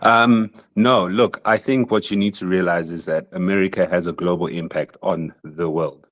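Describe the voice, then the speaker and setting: Deep-voiced accusatory male caller. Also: fairly even intonation, moderate pace, dry recording. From South Africa. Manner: accusatory, needling. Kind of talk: heated call-in argument.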